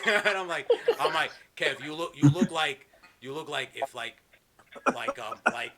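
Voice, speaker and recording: A man's voice: fairly high pitch, lively intonation, a crowd in the background. A man hosting a podcast, casually telling rambling, profane stories over a video call. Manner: fast, rambling storyteller, swears a lot. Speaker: podcast host. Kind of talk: casual chat.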